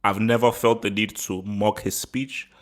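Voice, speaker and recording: A man's voice: fairly low pitch, steady tone, measured pace. A man from England hosting a football channel, giving his opinion in a rambling, casual vlog with frequent laughs and repeated words.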